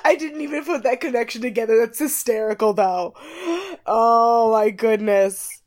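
A woman co-hosting a podcast, chatting casually, giggly and animated, a bit groggy on cough medicine. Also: on the high side, moderate pace. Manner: giggly, animated, slips into impressions. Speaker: podcast co-host. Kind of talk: casual recap chat.

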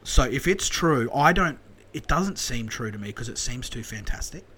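A young Australian man telling an animated story in casual podcast chat, swearing freely and acting out the voices. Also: medium pitch, normal speed, slightly rough. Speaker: podcast co-host.

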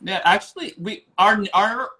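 An American man co-hosts a chat, adding brief, dry one-liners. His voice is quite high, and its tone is bright and forward. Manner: dry, quick quips. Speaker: podcast co-host. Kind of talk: casual chat.

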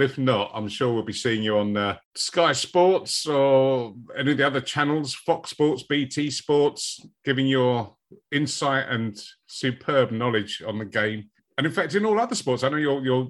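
A man hosting an interview, asking relaxed, friendly questions. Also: mid-range voice, normal speed. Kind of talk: casual interview.

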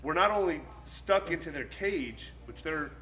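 A man's voice: a little high, measured pace. A young man telling a story in casual chat, acting out the people in it, swearing and laughing as he goes. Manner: animated, acts out voices, swears, laughs mid-story. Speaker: storyteller guest.

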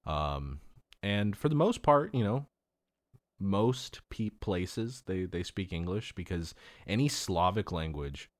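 A man's voice: low voice, lively intonation, takes it slowly, no room sound, clean studio sound. A man from Los Angeles in loose, profane casual chat, rambling and laughing often.

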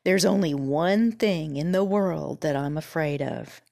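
A woman voicing a friendly male scarecrow stuffed with straw, with a husky, polite and earnest voice, reading a storybook aloud. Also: low-pitched, a little slow, a little mellow, no room sound, clean studio sound, full character voice. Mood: confiding.

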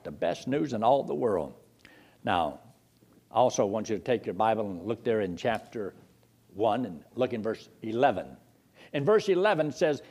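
A man's voice: medium pitch, big pitch swings, normal speed, a little mellow, slightly rough. A man preaching a sermon, reading scripture aloud and asking his listeners questions, with sudden rises and drops for emphasis.

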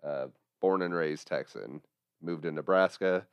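A man's voice: a bass voice, a little slow, clean tone, dry recording, lo-fi sound. A man with a Kansas accent, co-hosting a podcast in an easygoing, joking conversation. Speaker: podcast co-host. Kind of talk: casual chat.

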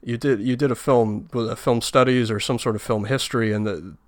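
A man's voice: mid-range voice, fairly even intonation, fairly quick, no echo, clean studio sound. A man co-hosting a film review podcast, talking bluntly with a sarcastic edge. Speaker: podcast co-host. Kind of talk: casual film review chat.

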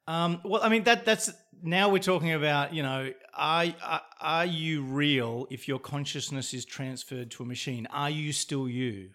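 A man banters on a podcast, bright and clear in tone with a pitch a little above average. He jokes, swears freely and laughs often. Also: a little slow, few pauses. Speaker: podcast co-host. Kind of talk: casual banter.

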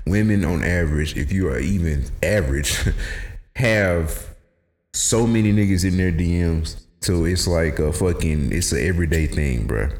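A man's voice: low voice, normal speed, darkish tone. A man co-hosting a podcast, talking in a laid-back, slangy way and swearing freely. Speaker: podcast co-host. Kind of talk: casual chat. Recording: echoey room with faint noise.

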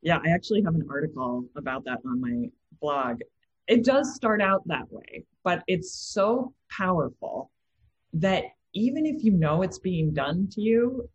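Woman in her thirties, low husky voice, chatty storyteller, muffled lo-fi sound. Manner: anecdotal, with filler words. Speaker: empathy trainer. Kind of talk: casual podcast chat.

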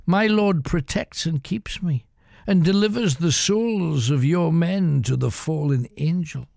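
A man voicing a calm, grey-bearded old bishop who speaks solemnly and steadily in a told tale. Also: fairly high pitch, unhurried, vocal fry, dry recording, studio quality.

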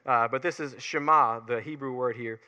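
A man with a Southern US accent preaching a sermon in an energetic, folksy way, picking up speed as he gets fired up. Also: mid-range voice, a little fast, in a large hall. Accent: Southern US, Alabama Gulf Coast. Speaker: pastor.

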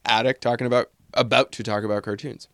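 A man's voice: mid-range voice, fairly even intonation, quick pace, fairly bright tone, no echo. Rambling laid-back male podcast host. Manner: rambling, digressive, laughs often. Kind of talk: casual chat. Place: home attic.

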